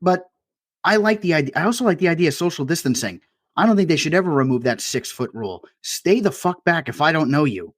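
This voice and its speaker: A man's voice: fairly high pitch, expressive, fast, dry recording. Dry-voiced man ranting with comic swearing. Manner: ranting storyteller, swears freely. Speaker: podcast co-host. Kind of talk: casual comedic chat.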